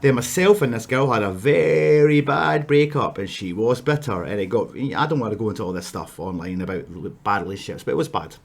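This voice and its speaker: A man's voice: lowish voice, a little fast, vocal fry, hardly any pauses, slightly rough. A man with a Scottish accent casually telling a wrestling story, rambling with asides and restarts.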